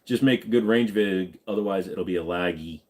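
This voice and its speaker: A man's voice: deep voice, brisk, a little mellow. A man in his forties, tired after hours of live streaming, chatting casually and joking as he reads out viewer comments, swearing freely.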